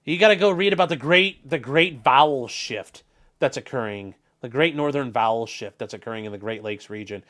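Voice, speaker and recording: A man from Ohio with a Northern Ohio accent hosts a laid-back livestream, reading chat messages aloud and joking around with plenty of swearing and rambling asides. His mid-range voice moves a little fast and sounds a bit bright.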